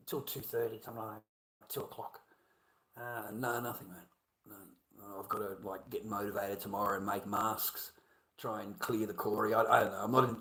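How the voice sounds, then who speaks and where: A man's voice: mid-range voice, fairly bright tone, poor audio. Rambling, swearing Australian man. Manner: rambling, swears a lot, often trails off into mumbling. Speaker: livestreamer. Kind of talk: casual rambling livestream chat.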